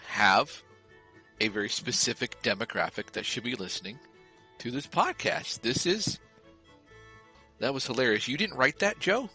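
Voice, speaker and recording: A man co-hosting a podcast, chatting casually in an animated way and jumping between thoughts. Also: medium pitch, breathy edge, low-quality recording. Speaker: podcast co-host.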